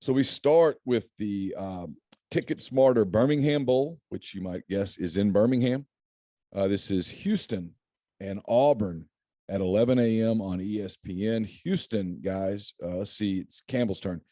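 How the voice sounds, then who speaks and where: Middle-aged guy hosting sports picks, lowish mellow voice, dry close sound, jokey and chatty. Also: measured pace, no room sound. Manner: chatty, joking, laughs often. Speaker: podcast host. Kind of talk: casual sports picks chat.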